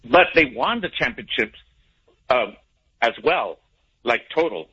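A man's voice: mid-range voice, animated, a little slow, bright, forceful tone, husky. A man calling into a sports radio show, rambling and restarting his sentences. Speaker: caller. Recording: dull phone-in audio.

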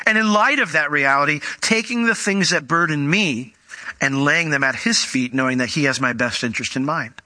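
A man delivers a sermon with a very bright, ringing tone and a slightly raised pitch. He explains the meaning of words, asks rhetorical questions and acts out the voices of the figures he quotes, all recorded dry and close. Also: normal speed, no room sound. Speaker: preacher.

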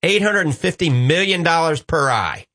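A man's voice: fairly high pitch, animated, moderate pace, sharp tone, no room sound, clean studio sound. A man with a New Orleans accent hosting a call-in radio show, upbeat and reassuring with a joking streak.

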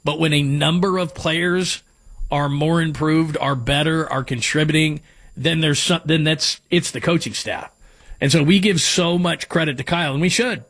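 A man's voice: on the high side, normal speed, fairly bright tone. A man hosting sports talk radio, giving strong opinions as he runs through names and stats.

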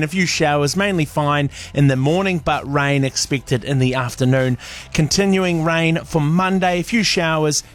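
Playful New breakfast-radio host. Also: male voice, a little high. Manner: chatty, playful, self-mocking. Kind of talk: casual radio chat.

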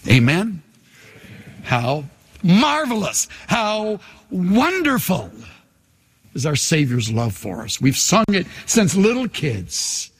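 Older male pastor, high husky voice, slow lively delivery, sermon in a reverberant church hall. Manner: leads congregation in call-and-response; emphatic, repetitive phrasing. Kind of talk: sermon with altar call. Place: large church sanctuary.

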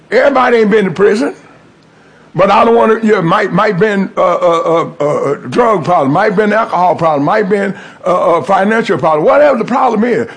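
A man's voice: high voice, slightly rough. A middle-aged man preaching a testimony sermon, calling out to the congregation. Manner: call-and-response preaching, rising and falling emphasis.

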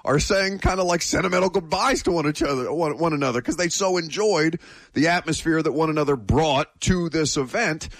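A man's voice: a little high, a little fast, no echo. An American man co-hosting sports radio, musing in a reflective, rambling way with many restarts. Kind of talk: casual sports talk.

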